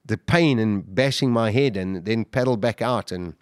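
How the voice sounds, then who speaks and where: Intense, halting man telling a survival story. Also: on the low side, clear, resonant tone, no room sound, studio quality. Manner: intense, halting with repeated restarts. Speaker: podcast guest. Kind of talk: emotional storytelling interview.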